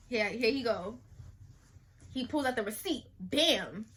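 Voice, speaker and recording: A young woman vlogger telling a casual storytime, animated and slangy, acting out the people she quotes. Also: on the high side, moderate pace, breathy edge.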